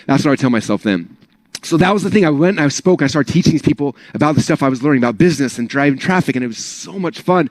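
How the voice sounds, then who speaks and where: A man talks quickly and loosely, a little higher than most men, in a motivational pep talk peppered with "like" and "right?". The sound is close and dry, with no room around it. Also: animated, dry recording. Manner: casual, rambling, full of "like" and "right?". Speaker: speaker at an online business training.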